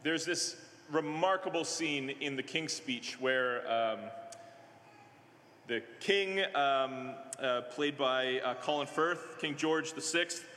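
A male minister preaching a sermon in a conversational way, halting often with fillers and restarts. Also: medium pitch, bright, forceful tone, a little hiss or hum. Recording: echoey hall with long reverb.

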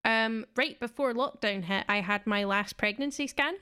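A woman's voice: a little high, sharp tone, clean tone. Chatty young Scottish woman. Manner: chatty, quick, laughs a lot. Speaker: podcast co-host. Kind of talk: casual storytelling chat.

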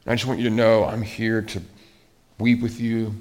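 A male pastor preaching a sermon in an animated way, rising to emphatic outbursts and dropping back down. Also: lowish voice, moderate pace.

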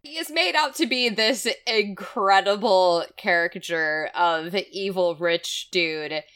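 A woman on a podcast adds wry, dry remarks to a casual film discussion. Her voice is bright and crisp, with a smooth, clear tone. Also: mid-range voice, measured pace. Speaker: podcast co-host.

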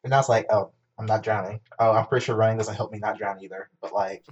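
A man's voice: fairly low pitch, steady tone, rapid-fire, highs cut off. A man co-hosting a podcast, chatting casually and telling rambling stories with lots of restarts. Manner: rambling storyteller with many restarts. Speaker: podcast co-host. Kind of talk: casual chat.

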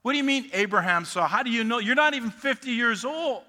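A man's voice: very high voice, expressive, quick pace, sharp tone, in a large hall, voice pushed up, exaggerated voice. A man voicing an angry crowd of accusers who fire incredulous questions.

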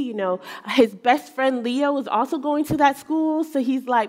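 A woman's voice: high voice, moderate pace, few pauses, darkish tone. A middle-aged woman giving a church talk, telling a personal story earnestly and acting out her son's words. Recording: long hall reverb.

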